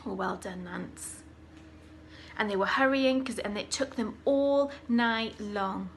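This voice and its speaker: A woman leading children's church, telling a Bible story in an animated, dramatic way. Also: mid-range voice, takes it slowly, slight background noise.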